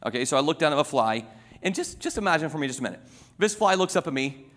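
A man's voice: a little high, big pitch swings, fast talker, fairly bright tone, big-room sound. A man preaching a sermon, emphatic and repetitive, building his points through illustrations.

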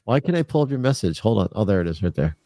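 A man's voice: lowish voice, very animated, racing, mellow, dry recording. A man hosting a casual radio podcast who laughs easily and keeps the show on track. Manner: laughs often, short reactions, keeps the show moving. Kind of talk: casual chat.

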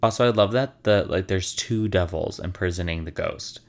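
A man's voice: low voice, normal speed, gravelly. A man hosting, telling stories in a casual, wry and sarcastic way, swearing freely. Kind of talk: casual storytelling.

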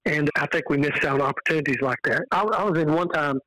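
Man, Texan accent, earnest storyteller, bright tone, dry close sound. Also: a little high, quick pace, no echo, rough recording. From Texas. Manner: earnest, animated storyteller who quotes dialogue. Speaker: podcast guest, evangelist. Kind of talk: casual storytelling on a podcast.

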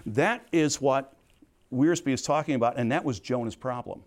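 A middle-aged man teaching a sermon in earnest, storytelling fashion, moving between soft asides and emphatic points. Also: mid-range voice, normal speed. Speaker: Bible teacher.

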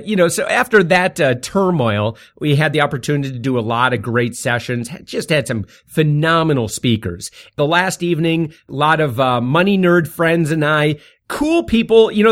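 His voice runs a bit high as this podcast host recounts a story with easygoing energy. Laughter comes often, and his tone shoots up in excited moments.

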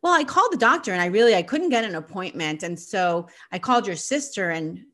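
A woman's voice: mid-range voice, animated, a little fast, fairly bright tone, natural voice. A woman voicing a self-absorbed middle-aged mother who answers sweetly and breezily while turning the talk to herself. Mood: breezy.

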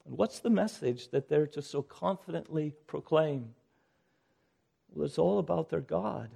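A man preaching from the pulpit, his voice sitting high for a man. He pleads and urges, climbing to loud calls and then sinking to near-hushed phrases. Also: expressive, measured pace, creaky, breathy edge. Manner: urgent preaching, swinging from loud exhortation to hushed lines. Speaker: pastor. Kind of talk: sermon.

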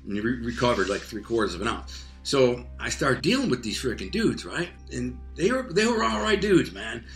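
A man telling a rough street story in casual talk, animated and streetwise, acting out voices and sound effects. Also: on the low side, brisk, reverberant, faint music behind.

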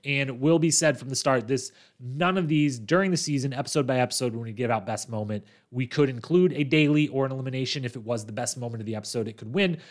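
A man hosting a podcast, recapping a reality competition season in a chatty, animated storytelling way with quick asides. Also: mid-range voice. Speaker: podcast host.

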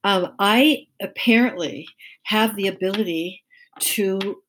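A woman's voice: mid-range voice, slow pace, fairly bright tone, slight background noise. A woman as a guest on a podcast, speaking candidly and self-deprecatingly, laughing often. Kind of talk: casual chat.

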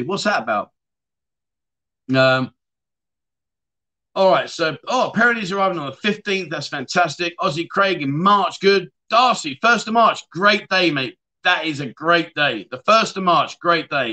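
A man's voice: fairly high pitch, sharp tone. A man hosting a casual livestream chat show, reading viewer comments aloud and answering them in a chatty way.

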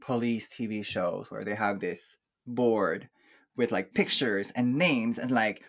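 Man, low-pitched, non-native English speaker, reflective, soft-spoken, casual podcast chat. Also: slow pace. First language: not English. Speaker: podcast guest. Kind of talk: casual chat about emotional healing.

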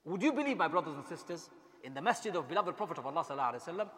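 A man delivering an impassioned sermon as an imam, swinging from quiet asides to shouted rhetorical questions. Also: a little high, very animated, very fast. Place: mosque hall. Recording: long reverb in a large hall.

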